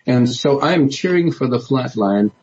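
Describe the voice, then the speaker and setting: Very husky mellow man telling a story. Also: mid-range voice, expressive, a little slow, highs cut off. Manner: rambling, many restarts and "you know", laughs often. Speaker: guest, politician. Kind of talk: casual storytelling interview.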